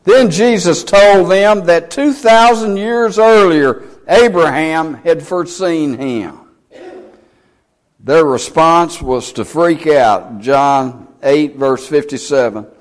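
Slow, emphatic male preacher. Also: fairly high pitch. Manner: reads scripture aloud in King James English; slow, deliberate, emphatic delivery. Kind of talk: sermon.

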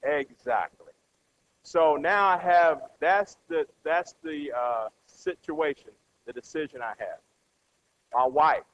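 A man's voice: a little high, takes it slowly, a bit bright, slight background noise. A man preaching a conversational sermon to a congregation, often checking in with "right?" and acting out everyday characters. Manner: acts out everyday characters with a changed voice. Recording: dull lo-fi sound.

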